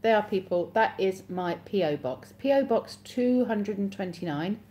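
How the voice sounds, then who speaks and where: A woman's voice: medium pitch, moderate pace, mellow. An English woman hosting a casual live stream, chatting and reading viewer comments aloud with frequent laughs. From England.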